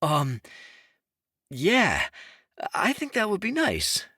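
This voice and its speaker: A man's voice: mid-range voice, expressive, a little slow, a bit bright, no echo, studio quality, voice pushed up. A male audiobook narrator voicing an awkward young man who teases his friends but stammers when flustered. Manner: teasing then stammering. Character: awkward teasing young man, blushes easily. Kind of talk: audiobook character voice.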